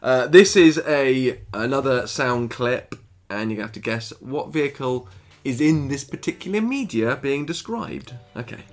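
A man's voice: medium pitch, lively intonation, measured pace, hardly any pauses. Giggly man hosting a podcast. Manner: giggly, rambling, swears casually. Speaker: podcast co-host. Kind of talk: casual chat.

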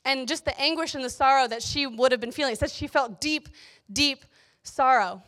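Young woman with a high voice, chatty and animated, casual faith talk w/ funny stories. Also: moderate pace. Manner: chatty and animated, storytelling with playful asides. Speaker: youth speaker.

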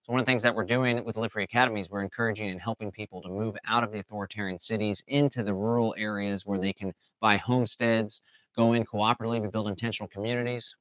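A man hosting a motivational talk, animated and acting out imagined people's lines. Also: on the low side, no echo. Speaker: host.

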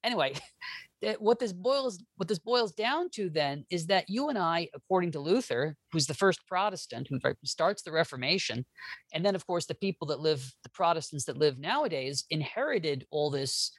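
Brief: male guest historian, lively and jokey, restarts a lot, dry close recording. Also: on the high side, moderate pace, no echo. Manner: animated, joking, restarts often. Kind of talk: casual interview talk.

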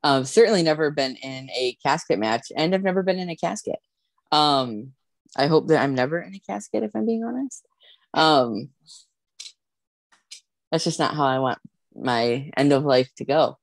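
A woman's voice: low-pitched, animated, normal speed, gravelly, pauses often, no echo. A woman podcast host asking questions in casual chat, hesitant and full of "um"s. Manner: hesitant, with frequent "um"s and light laughs.

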